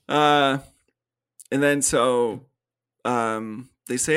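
Sing-song and fairly bright, this mid-range voice draws out words and pauses often. It belongs to a podcast co-host who, in a casual film review, recaps a movie's story, acts out the characters, and laughs a lot.

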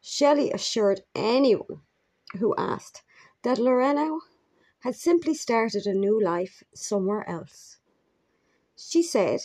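A woman narrating a true crime story in a measured, grave manner with brief asides. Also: medium pitch, a little mellow, husky.

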